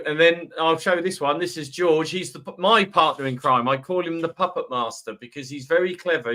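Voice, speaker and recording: A man's voice: mid-range voice, a bit bright. British-Irish man hosting a live stream. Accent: British-Irish mix. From Britain. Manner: chatty, reads out viewer comments. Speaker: host.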